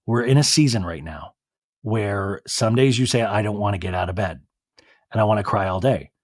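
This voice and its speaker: A man's voice: on the low side, moderate pace, no echo, clean studio sound, pitched below the performer's own voice, natural voice. A man doing an earnest, reassuring young husband.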